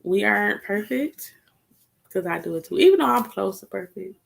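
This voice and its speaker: A young woman co-hosting a casual chat about marriage, candid and quick to laugh, talking straight to the viewers. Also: mid-range voice, expressive, vocal fry. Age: young adult. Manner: candid, laughs often, talks to viewers as y'all. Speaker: co-host.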